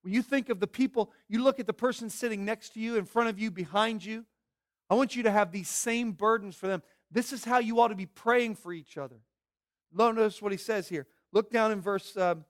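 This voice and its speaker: A man's voice: sits high, a little fast. A man preaching a Sunday morning sermon as pastor, emphatic, repeating phrases and asking the congregation questions.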